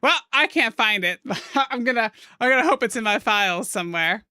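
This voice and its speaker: A woman's voice: fairly high pitch, animated, fairly quick, sharp tone, clear, resonant tone, no echo, clean studio sound. A playful young woman chatting casually and joking while she draws on stream. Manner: playful, goofy wordplay and silly put-on phrases. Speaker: streamer drawing live. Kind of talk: casual chat while drawing.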